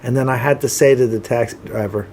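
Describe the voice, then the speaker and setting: A man guesting on an interview, telling stories and giving advice in a relaxed, candid way, now and then swearing. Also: medium pitch, fast talker, gravelly, slight background noise. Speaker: interview guest, film production head. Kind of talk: casual interview chat.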